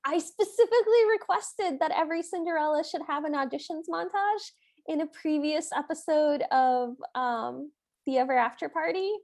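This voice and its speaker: A high-pitched woman chatting as a podcast co-host, playfully recapping a movie scene by scene. She slips into the characters' lines as she goes, with light laughter through her talk. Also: normal speed, a little mellow. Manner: playful, acts out quotes with laughs. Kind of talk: casual chat recapping a movie.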